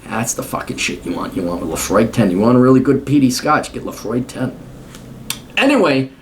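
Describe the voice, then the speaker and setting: A man's voice: medium pitch, expressive, a little fast, slight background noise. A man in his forties giving a blunt, profane, opinionated casual monologue. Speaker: host.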